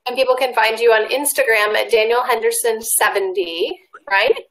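A woman's voice: on the high side, moderate pace, fairly bright tone, slight background noise, rough recording. A woman hosting an interview, asking questions in an upbeat, welcoming way and wrapping up the chat. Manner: upbeat, welcoming, wraps up smoothly. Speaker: television host, interviewer.

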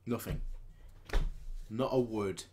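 A man's voice: lowish voice, slow pace, warm tone, a little hiss or hum. A man hosting an anime reaction video, talking casually with a playful, jokey manner. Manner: playful, chatty, jokey asides.

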